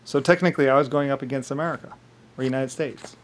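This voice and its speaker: A man talking in a rambling monologue, often laughing and mimicking others in quick quoted voices. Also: medium pitch, steady tone, slight background noise.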